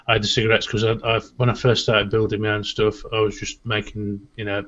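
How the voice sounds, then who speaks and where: A man co-hosting a casual chat show, telling stories in a steady, reflective way. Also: lowish voice. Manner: steady, reflective storytelling with restarts. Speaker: co-host. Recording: dull lo-fi sound.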